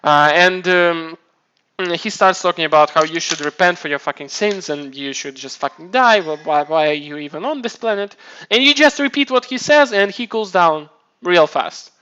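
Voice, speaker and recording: A man's voice: sits high, normal speed, sharp tone, smooth, highs cut off. A man casually chatting on his live stream, rambling and swearing, often restarting his sentences. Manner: rambling, profane, self-mocking, many restarts.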